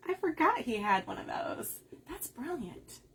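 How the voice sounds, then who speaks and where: A woman's voice: extremely high pitch, a bit bright, a little hiss or hum. A woman from the Upper Midwest hosting a craft livestream, chatting casually, laughing often and reading viewer comments aloud. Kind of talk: casual chat while crafting.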